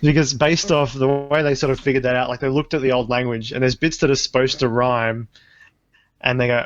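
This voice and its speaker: A man's voice: medium pitch, level tone, a little fast, muffled recording. Rambling, laughing man on a podcast. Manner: rambling, laughs often, trails off mid-sentence. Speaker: podcast co-host. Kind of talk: casual comedic chat.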